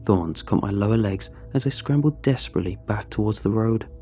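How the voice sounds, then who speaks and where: A man narrating a first-person horror story in a measured, tense, scripted way. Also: lowish voice, mellow, faint music behind.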